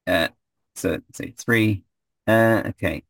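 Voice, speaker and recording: A man's voice: fairly low pitch, takes it slowly, no room sound. A man running a tabletop game as game master, hesitant with many fillers.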